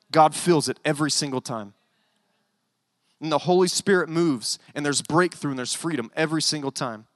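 A male pastor preaching a sermon in an animated way, with joking asides. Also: fairly high pitch, dry recording, big-room sound.

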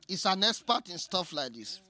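A woman preaching a sermon, moving from hushed asides to loud, cried-out lines. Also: lowish voice, moderate pace. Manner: expressive, swings from hushed asides to loud cries.

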